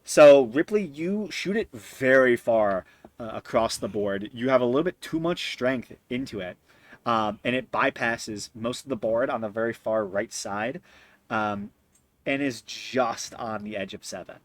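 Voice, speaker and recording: A man narrating as game master, pausing often with fillers. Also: mid-range voice, expressive. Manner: hesitant, many fillers.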